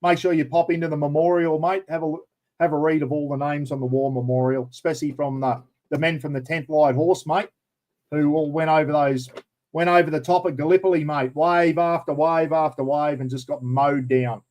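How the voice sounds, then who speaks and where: A man's voice: a little high, fairly even intonation, a little fast, a little mellow, rough recording. An Australian man hosting a casual live chat, rambling and chatty, calling everyone mate. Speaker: livestream host.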